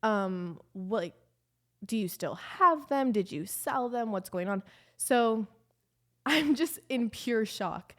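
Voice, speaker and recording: Animated young woman telling a story. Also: fairly high pitch, slow pace. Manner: animated, candid, swears freely, lots of "like". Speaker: podcast host. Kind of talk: casual storytime chat.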